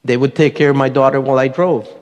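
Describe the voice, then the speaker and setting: A man's voice: medium pitch, fairly even intonation, fast. A middle-aged man giving a personal testimony to a congregation, an earnest storyteller who acts out the voices he quotes. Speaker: church member giving testimony. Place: church sanctuary. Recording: long church hall reverb.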